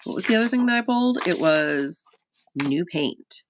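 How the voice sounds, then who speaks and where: A woman streaming a playtest of her solo journaling game, talking casually to her chat, full of fillers, gasps and sudden bursts of excitement. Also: lowish voice, normal speed, background noise. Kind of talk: casual live-stream thinking aloud.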